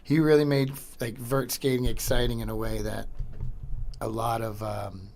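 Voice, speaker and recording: A middle-aged man hosting a podcast, commenting casually and excitedly over old skateboarding footage, slangy and swearing. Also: medium pitch, moderate pace. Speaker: podcast host.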